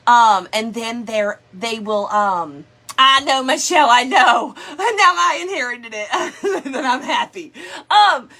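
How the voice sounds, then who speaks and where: Bright-voiced chatty woman. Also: fairly high pitch, lively intonation, takes it slowly, creaky. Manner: chatty, folksy, greets viewers by name. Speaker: craft livestream host. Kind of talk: casual livestream chat.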